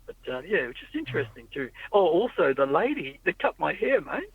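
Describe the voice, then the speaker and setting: In a car, a man hosting a podcast rambles through casual stories, voicing the people in them as he quotes them. He sounds fairly high, sing-song, brisk and slightly rough, over tinny, dry, phone-like audio.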